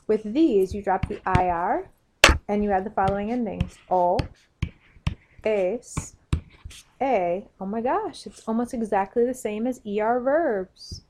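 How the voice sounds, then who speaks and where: A woman's voice: mid-range voice, mellow. A woman teaching a recorded grammar lesson, patiently spelling out verb endings and walking students through each form. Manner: clear, patient explaining, spelling out endings and drilling conjugations. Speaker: Spanish teacher. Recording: noisy with pen clicks and writing sounds.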